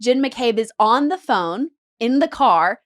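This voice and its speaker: A woman in casual podcast chat, telling a crime story in animated detail and acting out the people in it. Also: a little high, takes it slowly.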